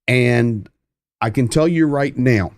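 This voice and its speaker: A medium-pitched male voice speaks slowly, captured in a dry, clean studio recording. He hosts a live stream of war updates, translating clips and driving home his points emphatically by repeating phrases.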